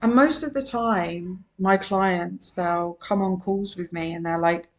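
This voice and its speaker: Speaking slowly in a mid-range voice with hardly any pauses, an emotional wellbeing coach gives a solo monologue on her podcast. She's earnest and emphatic, returning repeatedly to her key phrases.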